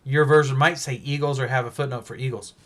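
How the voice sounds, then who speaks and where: A male preacher giving a Bible-teaching sermon, emphatic and full of rhetorical questions, swinging between loud stresses and hushed asides. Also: mid-range voice, steady tone, fast.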